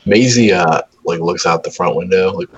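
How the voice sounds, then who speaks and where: A man with a very low, deep voice chats casually with a friend. He rambles through stories, swears freely and slips into voices to mimic his pets. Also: normal speed, highs cut off. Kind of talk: casual chat.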